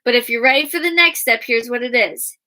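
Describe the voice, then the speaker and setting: A woman teaching young children a guided reading and writing lesson in a slow, sing-song teacher voice, spelling words out letter by letter. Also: a little high, pushed and bright. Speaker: kindergarten teacher.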